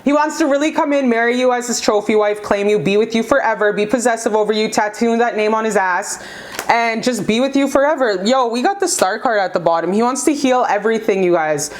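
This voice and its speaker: A woman's voice: a little high, a little fast. A young woman reading tarot cards for her viewers in a casual, gushing, slangy way, swearing freely and calling them "you guys.". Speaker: tarot reader.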